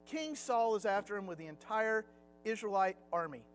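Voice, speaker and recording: A man's voice: high voice, expressive, moderate pace, faint music behind. A middle-aged man teaching a Sunday Bible class in a conversational way. He acts out quotes and chuckles at his own jokes.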